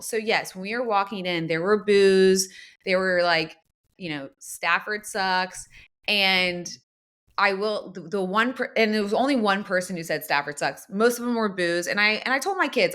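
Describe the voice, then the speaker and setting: A woman in her thirties chats as a talk-show host, her voice bright and clear. She tells the story with lots of animation, slips into different voices for quotes and laughs between lines. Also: mid-range voice. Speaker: podcast host. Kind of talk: casual storytelling chat.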